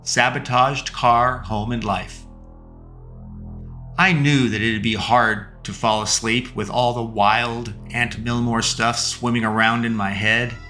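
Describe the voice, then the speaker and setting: Male first-person story narrator; slow, measured, bright tone, faint music underneath. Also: mid-range voice, level tone. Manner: slow, measured, with long pauses.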